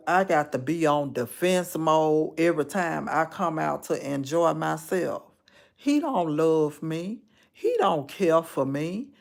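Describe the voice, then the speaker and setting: Slow gravelly woman telling a story. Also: sits low. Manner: emphatic, repeats phrases for weight. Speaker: live-stream host. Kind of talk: casual storytelling to viewers.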